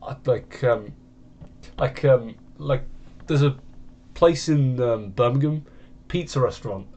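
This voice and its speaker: Guy, mid-pitched voice, rambling casual game commentary. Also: takes it slowly, darkish tone, highs cut off. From United Kingdom. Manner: rambling, meandering chat. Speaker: gaming channel host.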